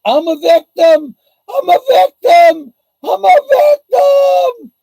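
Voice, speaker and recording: A man's voice: extremely high pitch, big pitch swings, slow pace, gravelly, dark tone, dry recording, voice pushed up, exaggerated voice, poor audio. A man putting on a whiny, self-pitying man who wails that everyone betrays him. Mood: wailing. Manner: shrieking, wailing complaints.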